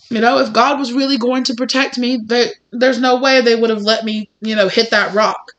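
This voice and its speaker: A woman with a bright, clear tone talks through a spiritual tarot reading. She rambles in a conversational way, leaning on fillers and slipping into small acted-out exchanges. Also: a little high, steady tone, normal speed, hardly any pauses. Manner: rambling, conversational, full of "you know" and acted-out mini dialogues. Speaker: tarot reader.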